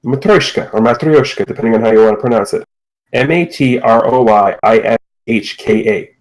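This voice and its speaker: A man narrating as game master of a tabletop game, relaxed and with many fillers. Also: lowish voice, fairly quick, rough recording.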